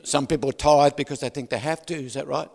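A man preaching a sermon, loud and animated, who keeps asking the crowd for agreement and drops joking asides with laughs. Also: mid-range voice, fairly quick, vocal fry. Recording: long hall reverb.

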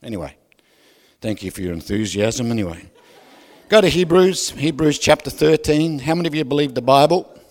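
Under long hall reverb, a preacher of medium pitch and moderate pace sounds loud and animated. He keeps asking his listeners to agree and drops in jokes with laughter.

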